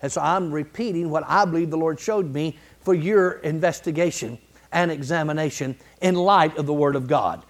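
A man preaching a sermon in a folksy, colloquial way, building to emphatic repeated phrases and clearing his throat now and then. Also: on the high side, moderate pace. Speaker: pastor.

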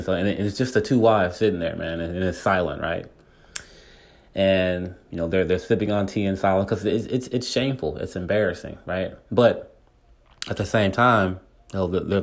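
A man hosting a podcast, casually retelling a story at length with lots of fillers and restarts. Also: deep voice. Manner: rambling, many fillers and restarts. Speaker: podcast host.

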